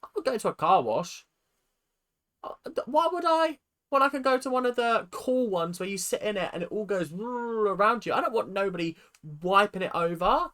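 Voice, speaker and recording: A woman with a British accent hosting a reaction video, ranting in an animated, sarcastic and exasperated way. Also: medium pitch, moderate pace.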